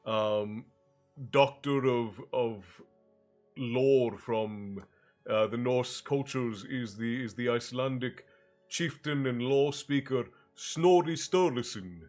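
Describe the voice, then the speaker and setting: Speaking slowly in a mid-range voice, a congested, breathless man hosts a story hour on a livestream. He rambles through casual chat, greets viewers by name, and stops himself partway through phrases before reading a fantasy novel aloud, with soft music underneath.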